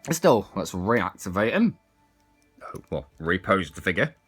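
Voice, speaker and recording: A man's voice: sits low, sing-song, measured pace, a bit bright, breathy edge, faint music behind. A man casually reviewing an action figure, chatting as he demonstrates its parts. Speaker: toy reviewer.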